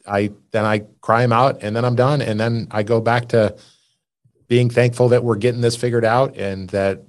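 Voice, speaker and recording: A man's voice: mid-range voice, little pitch movement, normal speed. A man hosting a recovery podcast, plain-spoken and encouraging, who swears now and then. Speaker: podcast host. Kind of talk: casual conversation.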